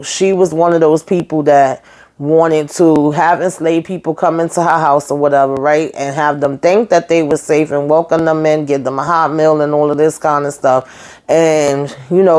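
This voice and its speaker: Chatty woman recapping a TV episode. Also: deep voice. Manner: chatty, animated retelling with acted quotes and asides. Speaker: YouTube reviewer.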